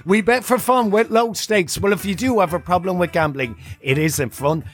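A man's voice: sits high, moderate pace, faint music behind. A man hosting a podcast in a playful, jokey, upbeat way, with a scripted intro and preview. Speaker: podcast host.

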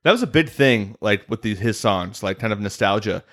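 A man's voice: lowish voice, animated, fairly quick, a bit bright. A man co-hosting a podcast in casual chat, rambling and laughing often. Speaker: podcast co-host.

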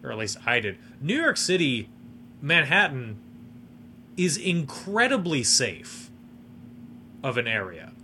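A man's voice: mid-range voice, big pitch swings, takes it slowly, long pauses, sharp tone, a little hiss or hum. A man co-hosting a podcast, chatting casually about a movie in an analytical, sardonic way. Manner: analytical, hedging, sardonic asides. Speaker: podcast co-host. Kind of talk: casual movie review chat.

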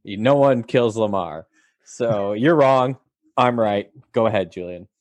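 A man's voice: lowish voice, measured pace, a little mellow, no room sound. A man co-hosting a casual podcast, joking in a mock-defiant way. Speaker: podcast co-host. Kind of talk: casual chat.

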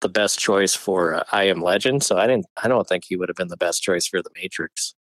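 A man's voice: sits low, brisk, a bit bright, no room sound. A man co-hosting a casual movie chat, laughing often and hedging with fillers. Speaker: podcast co-host.

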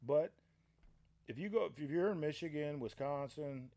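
A man's voice: fairly high pitch, a little slow, mellow. A middle-aged man hosting a podcast, ranting in a heated, blunt and profane way and often repeating himself. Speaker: podcast host and trapping site owner. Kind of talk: casual podcast rant.

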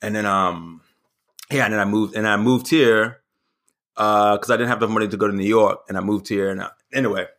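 A man in his thirties from the American South, a stand-up comic guesting on a podcast, tells stories in casual chat. His fairly low voice moves briskly, and his storytelling is animated, with frequent fillers and restarts.

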